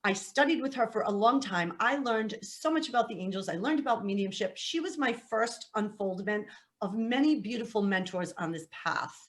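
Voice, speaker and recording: Laughing and lively, this psychic medium guest, a middle-aged woman, recounts her life story in a relaxed podcast chat and performs other people's lines. Her voice is mid-range, and her pace is normal.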